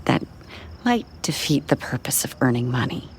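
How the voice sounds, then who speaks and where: A woman playing a calm, sensible cigarette girl. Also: very deep voice, normal speed, slight background noise, full character voice. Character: kind, practical young casino cigarette girl. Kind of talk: audio drama acting.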